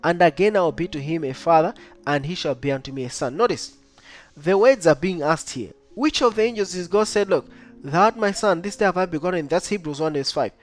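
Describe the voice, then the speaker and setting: A man teaching a Bible study lesson, reading verses aloud and keeping up a steady stream of rhetorical questions to his listeners. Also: a little high, fairly quick. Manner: keeps asking the listener rhetorical questions like "right?" and "what?"; reads scripture aloud in old-style wording.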